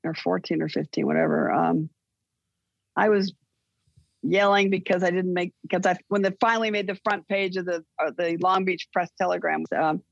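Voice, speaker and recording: An older woman speaks as a guest, her gravelly, husky voice winding through stories with many restarts. The sound is dry and dull, like a lo-fi recording. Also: lowish voice, moderate pace, dry recording. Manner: rambling, with restarts and animated retellings. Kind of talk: casual interview storytelling.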